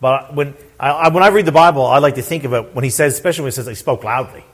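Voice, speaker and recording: A middle-aged man preaching a sermon, repeating his words and swelling to loud, emphatic declarations. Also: mid-range voice, very fast. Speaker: pastor.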